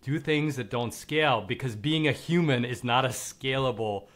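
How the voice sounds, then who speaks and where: A man's voice: medium pitch, normal speed, a bit bright. A man hosting a podcast, chatting casually with lots of fillers and bursts of enthusiasm. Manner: enthusiastic, loose, swears casually, many "like" fillers. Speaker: podcast host.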